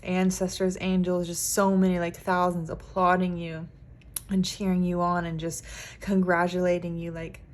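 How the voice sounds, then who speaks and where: A woman's voice: lowish voice, monotone, moderate pace. A woman giving a pick-a-card tarot reading as a psychic reader, talking earnestly and emphatically with frequent "like".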